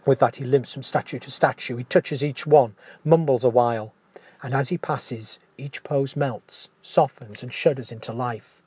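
A man narrating a fairy tale in a gentle, unhurried storytelling manner. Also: mid-range voice, fairly even intonation, breathy edge, no room sound.

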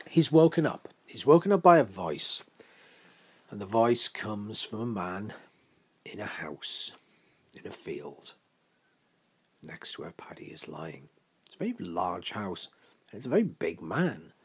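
Male storyteller, husky voice, slow unhurried telling, playful asides. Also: on the low side. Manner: chatty, playful asides to listeners. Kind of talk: oral folk-tale telling.

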